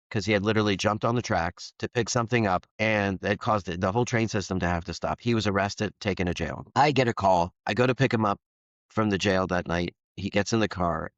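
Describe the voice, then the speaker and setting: Deep-voiced man telling an earnest story. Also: no echo, muffled recording. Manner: earnest, candid, acts out quoted dialogue. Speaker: interview guest, foster parent. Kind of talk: personal storytelling in an interview.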